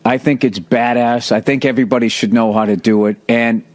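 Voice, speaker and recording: A man in a casual podcast conversation, excitable and joking, swearing freely on a close studio mic. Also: medium pitch, brisk, dry recording. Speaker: podcast guest.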